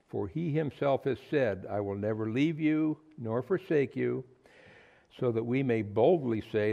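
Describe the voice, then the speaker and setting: A man delivers an earnest sermon to a small congregation, leaning hard on repeated words for emphasis. His voice has a gravelly edge. The recording is slightly muffled and lo-fi. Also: mid-range voice, unhurried. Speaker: preacher. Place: small fellowship meeting room.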